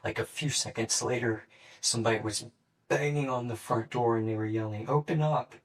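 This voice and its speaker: A young man in his late teens gives a police interrogation statement in a flat, matter-of-fact way, halting with fillers. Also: medium pitch. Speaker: murder suspect being interrogated. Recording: distant mic in an interrogation room.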